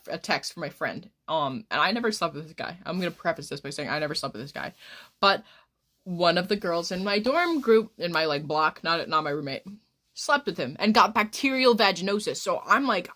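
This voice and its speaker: A woman's voice: lowish voice, sharp tone. A woman in her twenties, a streamer rambling through crude stories in casual chat. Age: 20s.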